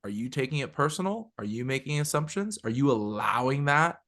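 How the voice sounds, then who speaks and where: A man co-hosting a podcast, talking in an animated, emphatic way with casual swearing. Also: mid-range voice, fairly quick. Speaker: podcast co-host. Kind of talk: conversational talk.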